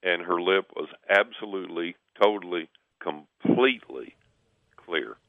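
A man with a very deep voice talks through an anecdote, animating the people in it. He comes through a thin, tinny phone line that sounds dry and close. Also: a little slow, creaky, no room sound. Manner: animated storyteller, acts out quoted voices. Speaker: guest. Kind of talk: conversational storytelling.

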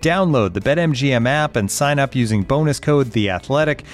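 Fast man reading an ad. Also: medium pitch, lively intonation, faint music behind. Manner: brisk, rattling off disclaimers. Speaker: ad reader. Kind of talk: read advertisement.

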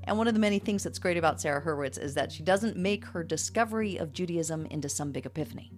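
A woman interviewing a guest on public radio, relaxed and conversational with playful asides. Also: lowish voice, fast, faint music behind. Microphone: studio microphone.

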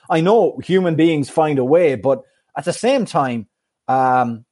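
A man's voice: a little high, a little mellow. Reflective, teasing man. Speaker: podcast co-host. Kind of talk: casual chat.

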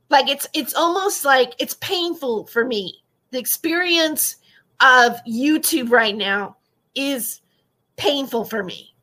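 A woman's voice: high-pitched, slow pace, pushed and bright. A young woman on an audio-only livestream, upset and close to tears, rambling and repeating herself as she rants at her chat and greets viewers. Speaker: YouTube livestreamer. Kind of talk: emotional livestream rant to chat. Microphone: audio-only stream, no face shown.

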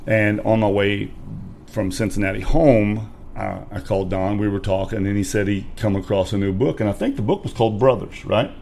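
Man, lowish voice, guest on a podcast, casual storytelling, animated, faint background hiss. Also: moderate pace, creaky. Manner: animated storyteller who acts out quotes loudly.

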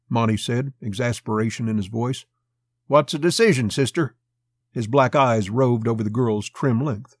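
A man reads an old pulp crime story in a steady, gravelly, husky voice. The sound is close and dry, with no room around it. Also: mid-range voice, no echo. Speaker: narrator.

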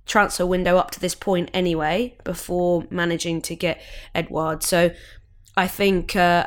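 A young woman co-hosting a football podcast, chatting casually with frequent restarts. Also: fairly low pitch. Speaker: podcast co-host.

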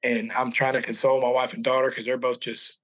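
As a podcast guest, a forty-something man tells of his personal faith. He is earnest but halting, often stopping mid-sentence to start over. His middle-pitched voice barely moves in pitch and sounds a bit bright, and the recording is rough.

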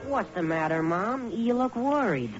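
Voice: mid-range voice, expressive, a little slow, soft background music, close to an everyday voice. An actor playing a boyish, easygoing teenage son in 1940s radio sitcom style. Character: good-natured teenage son. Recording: lo-fi old radio broadcast with faint hiss.

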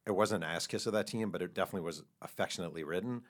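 A middle-aged man with a deep, low-pitched voice talks fast in a relaxed interview. He is an animated storyteller who laughs along with his own anecdotes. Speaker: author guest.

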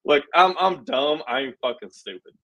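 Animated man telling indignant stories. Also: a little high, moderate pace, poor audio. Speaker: podcast host. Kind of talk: casual political chat.

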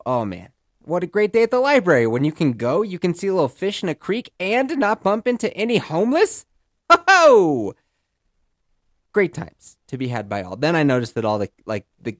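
A man's voice: medium pitch, no room sound, clean studio sound. Rambling man telling a story. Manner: rambling, animated, jokey. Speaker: podcast host. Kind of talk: casual storytelling.

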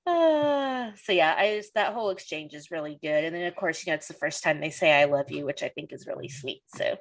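A woman's voice: sits low, lively intonation, fairly quick. A young adult woman hosting a casual podcast chat, laughing often and acting out quoted lines in a raised voice. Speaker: podcast host.

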